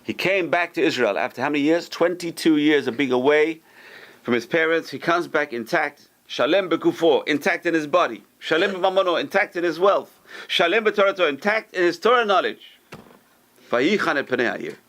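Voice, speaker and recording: A man, a rabbi teaching a Torah class to a live group, who tells stories in an animated way, acts out the quoted speech with sudden high lifts, and puts questions to the listeners. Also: normal speed. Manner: talks to the room, asks listeners questions.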